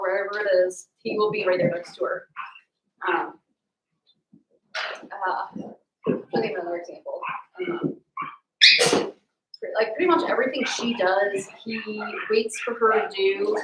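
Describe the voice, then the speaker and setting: A woman's voice: mid-range voice, normal speed, long pauses, reverberant, distant mic, dull audio. A woman who breeds dogs, chatting casually on a livestream at home and cooing at her dogs between explanations. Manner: chatty, explains with many ums, coos at the dogs. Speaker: dog breeder hosting a livestream. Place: home, among the puppies and dogs.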